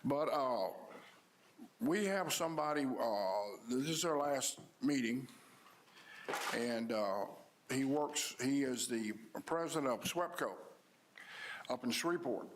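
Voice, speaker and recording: A man's voice: mid-range voice, slight background noise. A man addresses a public meeting as a commissioner. He tells stories in a plain, folksy way, often stopping and restarting his sentences. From Louisiana. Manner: storytelling, down-to-earth, halting restarts.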